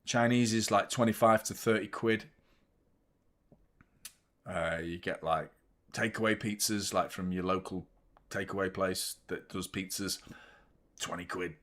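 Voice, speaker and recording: A man's voice: deep voice, steady tone, measured pace, long pauses, fairly bright tone. A young man hosting a live football watchalong, chatting casually with viewers and swearing freely between bursts of match commentary. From United Kingdom. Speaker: football fan channel host.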